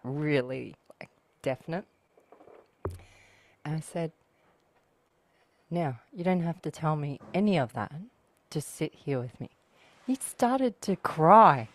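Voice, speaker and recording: Low-voiced woman telling a story, dry sound. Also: dry recording. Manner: chatty anecdotal storyteller, laughs often. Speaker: podcast guest. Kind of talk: casual spiritual chat.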